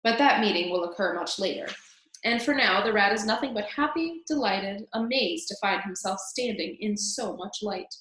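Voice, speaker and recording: Storybook reader: an expressive woman in a roomy space, mid pitch. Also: moderate pace. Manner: expressive, addresses listener as "reader". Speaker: storyteller reading to children. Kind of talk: reading a children's novel aloud. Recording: roomy echo.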